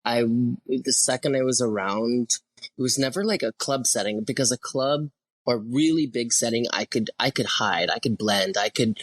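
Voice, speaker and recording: A man's voice: mid-range voice, normal speed, a bit bright, dry recording. A young adult man, a podcast guest, talking candidly and swearing casually in easy conversation. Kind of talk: casual chat.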